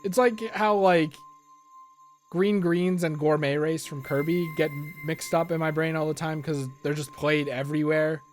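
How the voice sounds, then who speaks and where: There's soft music in the background as a young man with a Philadelphia accent narrates his gameplay for a let's play. He muses aloud in a rambling way, restarting often and leaning on fillers. His voice is a little high and his tone steady, at a moderate pace.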